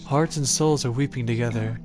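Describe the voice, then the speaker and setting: A man playing a story game on stream, reading the lines aloud and reacting loudly with swearing and laughter. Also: mid-range voice, a little fast, over music. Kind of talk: game let's play with read-aloud dialogue.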